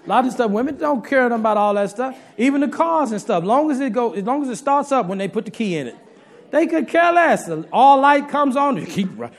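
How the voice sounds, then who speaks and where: A man's voice: very high-pitched, animated, quick pace, few pauses. A man preaching a sermon to his congregation in a folksy, humorous way, talking straight to the listeners.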